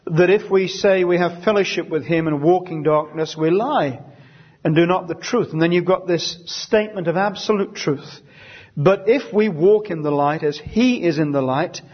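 A man leading a Bible study, reading verses slowly and deliberately and then explaining them conversationally. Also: high-pitched, breathy edge, highs cut off.

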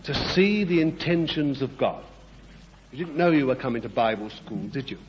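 A man's voice: medium pitch, expressive, moderate pace, a little hiss or hum. A man delivering a sermon, emphatic and repetitive, questioning his congregation. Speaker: preacher. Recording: dull lo-fi echoey hall.

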